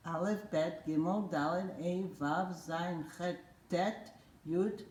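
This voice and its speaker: A woman's voice: lowish voice, steady tone, takes it slowly, a little mellow, a little hiss or hum. An older woman teaching children their letters with a puppet, playful and coaxing, repeating words for them to say back. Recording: roomy echo.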